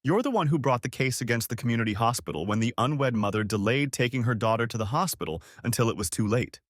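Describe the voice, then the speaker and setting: A male reader voices a condescending new boyfriend in a spoken story, a smooth talker who keeps his tone pleasant while he talks down to people. The voice moves expressively through its pitch. The recording is dry and close, with no room sound. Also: animated, quick pace, no room sound, close to an everyday voice. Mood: smug. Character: smug middle-aged man, new boyfriend. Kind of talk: audiobook story narration.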